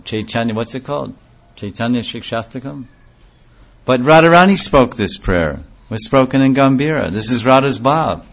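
A man's voice: medium pitch, animated, normal speed, muffled recording. A man giving a devotional lecture in a conversational way, asking rhetorical questions and answering them himself. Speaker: religious speaker.

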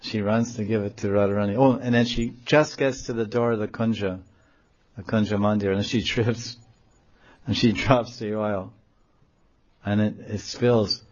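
A man with a low voice tells a devotional story as a sermon. He talks in an animated way and acts out the quotes in the story. The recording sounds dull and lo-fi. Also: moderate pace. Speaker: religious storyteller.

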